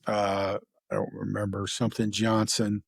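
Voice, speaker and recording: A man's voice: on the low side, completely flat delivery, normal speed, vocal fry, breathy edge, no room sound, clean studio sound. Rambling middle-aged man telling a story. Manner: rambling, acts out quoted dialogue, many fillers. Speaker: retired homicide detective, guest. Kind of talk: casual true-crime storytelling.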